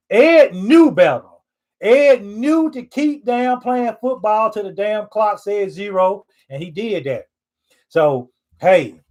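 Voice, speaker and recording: A man's voice: very high-pitched, darkish tone, rough recording. A man ranting live on stream, rambling and repeating himself, swearing often, frustrated but accepting. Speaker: sports fan vlogger. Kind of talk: live stream reaction rant.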